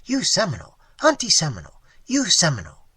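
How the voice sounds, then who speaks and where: A reader doing a blunt, clipped old-tale hunter. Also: male voice, high voice, huge pitch swings, slow, a bit bright, slightly rough, no room sound, voice pushed up, full character voice. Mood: insistent. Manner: clipped broken speech, emphatic. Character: terse male Seminole man in an old tale.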